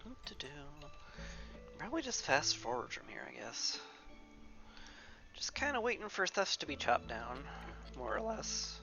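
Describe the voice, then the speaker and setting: A gaming streamer with a stuffy nose talks wryly and sarcastically to herself in a low, sing-song voice as she plays. Her let's play commentary moves at a moderate pace with frequent pauses. The recording is slightly dull, with faint music in the background.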